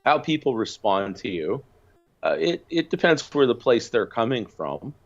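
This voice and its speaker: A man's voice: medium pitch, sing-song, normal speed, muffled recording. A man calling in to a show, musing in a thoughtful, hesitant way over a choppy line. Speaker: caller. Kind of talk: casual call-in chat.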